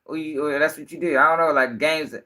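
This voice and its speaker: A young man hosting a casual livestream. His voice is bright and forceful, and his talk is rambling, profane and animated as he riffs on the news. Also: on the high side, brisk. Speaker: commentary livestream host.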